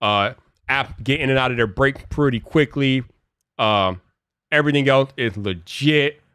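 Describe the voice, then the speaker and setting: A man's voice: medium pitch, measured pace, sharp tone, clean tone, dry recording. A man hosting a casual tech live stream and chatting to viewers' comments. He talks in loose slang, stumbles over repeated words and grows exasperated when things glitch.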